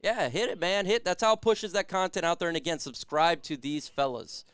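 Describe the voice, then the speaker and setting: A man's voice: a little high, brisk, a bit bright, clean tone, no room sound. A man hosting a casual sports live stream who hypes the chat and reads out viewer comments. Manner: hypes chat, reads super chats aloud.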